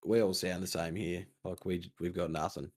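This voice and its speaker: A man's voice: sits low, steady tone, moderate pace. A man with an Australian accent, chatting casually as a podcast guest, laid-back and laughing easily at himself. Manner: laid-back, laughs a lot, self-deprecating. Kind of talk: casual chat.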